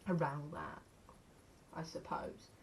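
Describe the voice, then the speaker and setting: A woman's voice: low-pitched, sing-song, takes it slowly, a little hiss or hum. A young English woman chatting casually to camera in a rambling, self-mocking way, counting aloud as she goes. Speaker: vlogger.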